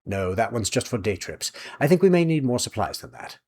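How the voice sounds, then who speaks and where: A man's voice: mid-range voice, sing-song, fairly quick, a little mellow. Man doing a wry old witch. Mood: dry breezy. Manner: dry, breezy, decisive. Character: brisk, wry older woman witch.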